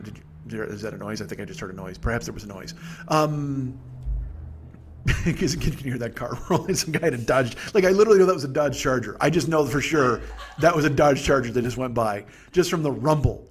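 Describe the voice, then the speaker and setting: A man's voice: mid-range voice, a little fast, slight background noise. A man hosting a podcast, telling a rambling, profane comic story with lots of stammering restarts. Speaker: podcast host.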